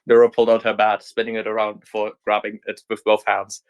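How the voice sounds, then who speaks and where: A man's voice: fairly low pitch, completely flat delivery, a little fast, hardly any pauses. A man reading a fan story aloud in a casual narration, with small slips and restarts. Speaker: fanfic reader.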